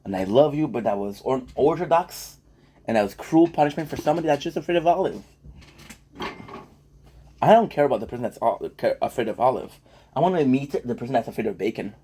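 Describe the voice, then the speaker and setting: A man's voice: mid-range voice, expressive, fairly quick, dark tone, a little hiss or hum. A man rambling in a joking way, chatting casually for an eating vlog, with lots of filler words. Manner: rambling and jokey, with many fillers. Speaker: vlogger.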